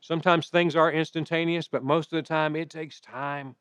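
A middle-aged pastor preaching a sermon in a conversational way, mixing scripture with personal stories. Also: male voice, fairly high pitch, flat delivery, normal speed, fairly bright tone, clear, resonant tone, no echo.

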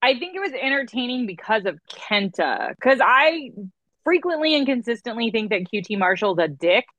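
A woman's voice: on the high side, very animated, normal speed, fairly bright tone, dry recording. A woman co-hosting a podcast in casual chat, chatty and giving emphatic opinions. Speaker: podcast co-host.

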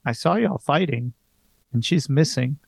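A man's voice: medium pitch, animated, measured pace, gravelly, husky, no room sound, exaggerated voice. Brief: man doing a dangerous, resentful young son, accusing, dry close sound.

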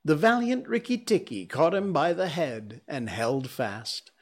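Slow, expressive male storyteller. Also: on the high side. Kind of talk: reading a classic story aloud.

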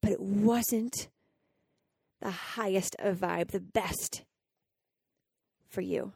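A woman's voice: medium pitch, fairly even intonation, extremely slow, gravelly, a little mellow, husky, no room sound, clean studio sound. A woman hosting a podcast, telling a personal story earnestly and emotionally, acting out her own inner dialogue. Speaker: podcast host and coach.

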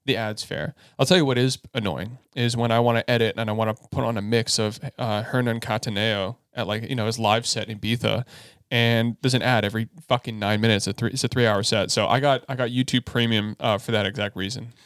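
A man's voice: mid-range voice, fairly even intonation, fairly quick, a bit bright, no room sound, clean studio sound. A man co-hosting a casual podcast, rambling with many restarts and some swearing. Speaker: podcast co-host.

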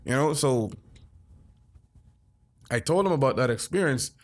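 Man, podcast host, casual chat, excitable, emphatic, stammers, very animated pitch. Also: a little slow. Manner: excitable and emphatic, protests loudly, stammers when flustered.

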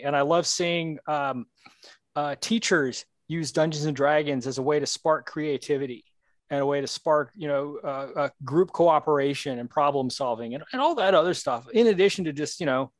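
A man's voice: a little high, no echo, studio quality. A man co-hosting a casual podcast chat, rambling with many restarts.

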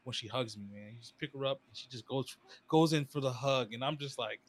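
A man in casual chat about his daughter, relaxed and slangy. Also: medium pitch, fairly quick. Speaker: podcast co-host, father.

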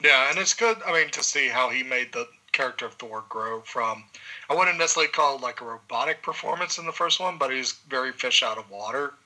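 Male co-host, very bright tone, loose rambling movie chat. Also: medium pitch, a little fast, low-quality recording. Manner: relaxed, rambling with many fillers. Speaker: podcast co-host. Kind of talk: casual movie review chat.

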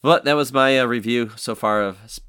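A man's voice: medium pitch, a little fast, sharp tone, clean tone. A man co-hosting a podcast, chatting casually about games with many fillers and restarts. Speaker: podcast co-host. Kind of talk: casual chat.

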